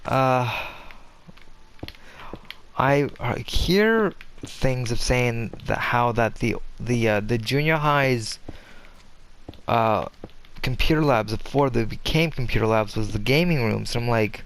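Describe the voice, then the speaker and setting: Slow-paced and animated, this young man has a medium-pitched voice that's a bit bright, clear, and resonant. He's a gaming commentator giving casual gameplay talk, rambling, frequently starting his sentences over, and dropping plenty of fillers.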